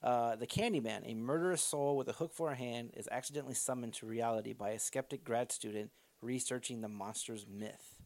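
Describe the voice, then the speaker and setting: A man's voice: mid-range voice, brisk, a little mellow, no echo. A man hosting a casual movie-talk podcast, reading film details in a loose, profane way. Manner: loose, profane, reads synopsis off-handedly. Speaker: podcast host.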